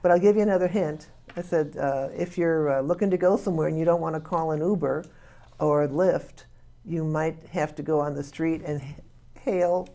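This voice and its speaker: Running a movie-quote quiz for the hosts during casual radio chat, this woman, a playwright and comedian, laughs and exclaims along the way. She has a deep, dark-toned voice at a moderate pace, with slight background noise.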